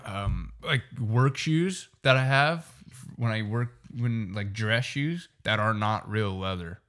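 A man's voice: lowish voice, lively intonation, slow pace, fairly bright tone. A young man co-hosting a podcast in a casual, slangy chat, swearing freely.

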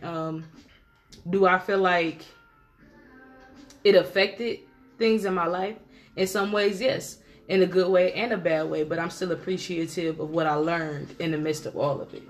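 A young adult in a casual chat, talking hesitantly with lots of "like" and "you know". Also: mid-range voice.

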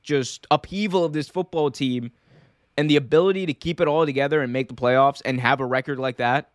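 A young man hosting a casual, opinionated sports commentary show, animated and full of restarts. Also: medium pitch, smooth, no room sound, studio quality.

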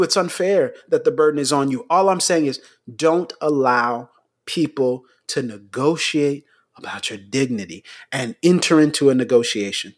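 A man's voice: mid-range voice, normal speed. A man co-hosting a podcast, speaking with preacher-like intensity and urgent, rising appeals. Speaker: podcast co-host. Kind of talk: impassioned commentary.

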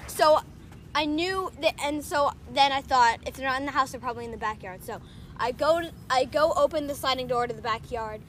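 A young woman with a high voice tells a long, rambling story to a friend, giggling often and leaning on "like". There is a faint hiss of noise under her voice. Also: a little fast. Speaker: co-host. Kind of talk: casual chat.

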